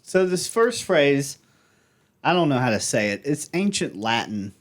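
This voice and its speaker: A man's voice: medium pitch, big pitch swings, measured pace. An American man co-hosting a casual podcast chat, who laughs a lot and reads items out from a list. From United States. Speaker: podcast co-host.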